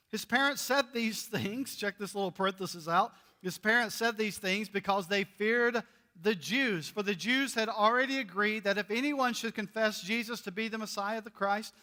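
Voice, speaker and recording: A man's voice: high-pitched, bright, forceful tone. A male pastor giving a sermon in a church, conversational and playful, acting out the dialogue as he goes. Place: church sanctuary.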